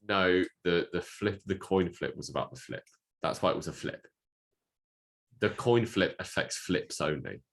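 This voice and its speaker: Man, very low voice, dry teasing podcast co-host, laid-back chat. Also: a little slow. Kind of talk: casual movie podcast chat.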